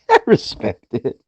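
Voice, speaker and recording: A man's voice: very high voice, creaky, dull audio. A young man co-hosting a podcast, giggling often and acting out quotes in silly voices. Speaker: podcast co-host. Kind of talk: casual chat.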